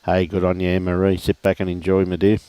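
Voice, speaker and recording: Aussie bloke calling lawn bowls live, deepish voice, dry close sound, chatty and matey. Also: male voice, completely flat delivery, fast talker, mellow, clean tone, no room sound. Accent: Australian. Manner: chatty, matey, greets viewers by name. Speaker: lawn bowls livestream commentator. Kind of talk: relaxed live commentary with viewer shout-outs.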